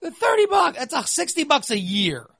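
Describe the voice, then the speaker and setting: A man hosting a podcast, chatting casually and ranting with animated, profane energy. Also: extremely high pitch, moderate pace, vocal fry, no echo, clean studio sound. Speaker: podcast host.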